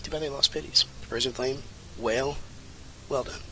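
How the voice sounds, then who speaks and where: Guy rambling and joking thru his game, super bright voice, yells when stuff goes wrong. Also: mid-range voice, normal speed, slightly rough. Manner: rambling, jokey, excitable outbursts. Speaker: let's play commentator. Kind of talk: casual gameplay commentary.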